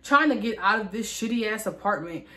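A woman's voice: mid-range voice, lively intonation, brisk, pushed and bright. A young adult woman telling a candid storytime in a vlog, venting with lots of fillers and swearing. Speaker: vlogger.

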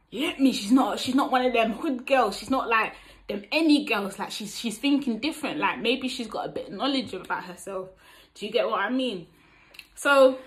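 Poor audio captures a young adult woman from East London, her voice on the high side and her pace moderate, as she vlogs casual dating tips. She animatedly performs both sides of chat-up lines, leaning on street slang and asking "you get me?"

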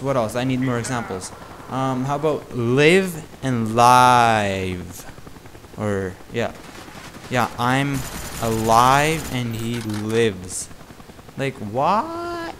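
Slow-talking man ranting over gameplay. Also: medium pitch, slight background noise. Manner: rambling, indignant, peppered with "like". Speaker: gaming channel host.

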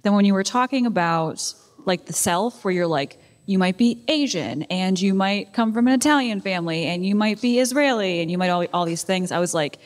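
A woman's voice: medium pitch, animated, brisk. A woman in the audience asking a question at a live event, thinking aloud and rambling with many likes. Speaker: audience member. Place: event hall. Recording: long hall reverb at a live event.

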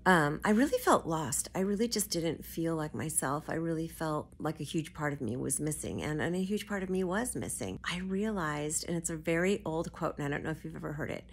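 Low gravelly woman vlogger. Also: lively intonation, fairly quick, hardly any pauses. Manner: chatty and open, mixing faith talk with jokes. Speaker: vlog host. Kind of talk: casual confessional chat.

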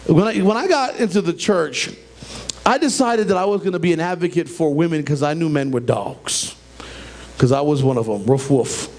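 A middle-aged man preaching a sermon in a church, talking in an animated, conversational way with joking asides. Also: fairly high pitch, normal speed. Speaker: pastor. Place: church sanctuary.

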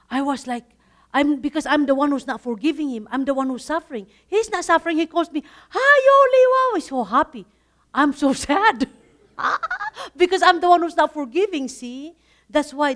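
A woman with a fairly high voice leads a Bible study. She tells earnest personal stories about forgiveness, breaking into laughter now and then.

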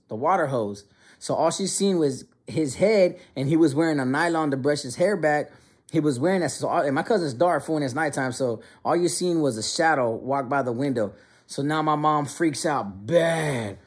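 A young man telling a funny childhood story in an animated, slangy way. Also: a little high, slightly rough. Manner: animated, slangy, many restarts. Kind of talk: casual storytelling.

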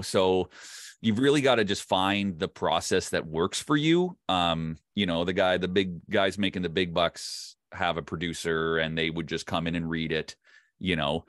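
A man's voice: sits low, a bit bright, no room sound, studio quality. A Canadian man, a voice actor, chatting casually in an interview, laughing often and trailing off mid-sentence. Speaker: voice actor guest.

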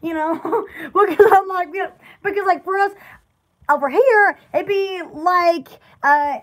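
High-voiced, giggly Southern woman. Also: a little slow. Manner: rambling and giggly. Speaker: country store owner. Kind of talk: casual live-stream chat.

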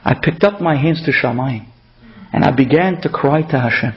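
A man's voice: mid-range voice, normal speed, lo-fi sound, voice pushed down, close to an everyday voice. A man telling of a poor woman pleading. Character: poor humble woman, a water carrier's wife, pleading.

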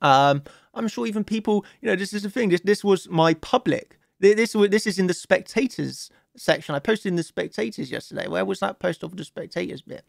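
A man's voice: high voice, lively intonation, brisk, gravelly, no echo, studio quality. A young man walking viewers through a crypto price chart, blunt and self-assured, often restarting his words. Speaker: crypto trading analyst. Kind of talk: live chart analysis monologue.

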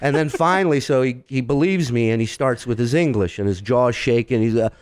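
A man's voice: medium pitch, brisk, clear, resonant tone, no room sound. A man from Israel, a podcast guest, telling stories in casual chat and acting out the voices of the people in them. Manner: animated storyteller, acts out quoted voices.

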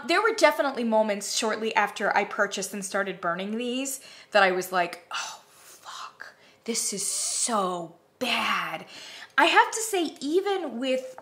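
A woman chatting casually to camera as she reviews candles, animated, now and then dropping to a whisper. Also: a little high, normal speed, few pauses. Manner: chatty, animated, swearing, drops into whispers and mock voices.

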